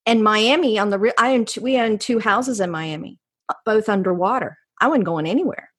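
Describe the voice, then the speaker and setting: A woman's voice: mid-range voice, a little fast, breathy edge. A middle-aged woman from North Carolina with a Southern accent, telling stories as a guest in an interview and slipping into voices when she quotes people. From North Carolina, USA. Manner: animated, jumps into voices when quoting people. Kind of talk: casual storytelling interview.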